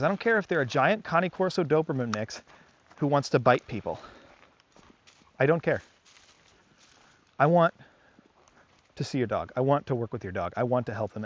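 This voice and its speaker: A man's voice: mid-range voice, lo-fi sound, slight background noise. A male dog trainer explaining his methods outdoors on a walk, earnest and emphatic, repeating his key phrases. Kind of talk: explaining on camera while walking a dog. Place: outdoors on a park trail.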